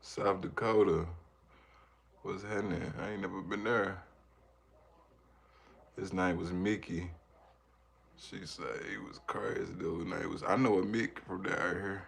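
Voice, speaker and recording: A man's voice: low voice, fairly even intonation, unhurried, creaky, long pauses, breathy edge. A man, a parent, chatting casually on a livestream, rambling and reacting to viewers' comments. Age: adult with children. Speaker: livestreamer reading chat. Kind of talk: casual live chat.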